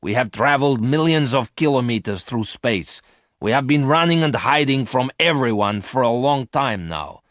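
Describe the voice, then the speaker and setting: A man's voice: medium pitch, expressive, moderate pace, a bit bright, no room sound, clean studio sound, pitched above the performer's own voice, lightly acted. A man voicing a harsh ruthless space criminal. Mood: angry. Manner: harsh, commanding. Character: ruthless adult male space criminal leader.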